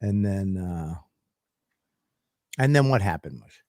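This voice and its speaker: A man's voice: low voice, lively intonation, slow pace, darkish tone, dry recording, clean studio sound. A man co-hosting a podcast, telling a story in a profane, ranting way. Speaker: podcast co-host. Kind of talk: casual podcast chat.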